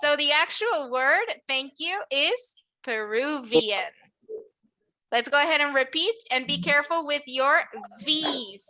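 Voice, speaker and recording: A woman's voice: high voice, lively intonation, measured pace, sharp tone. A woman whose first language is Spanish, teaching English pronunciation in a patient, encouraging classroom drill with careful enunciation.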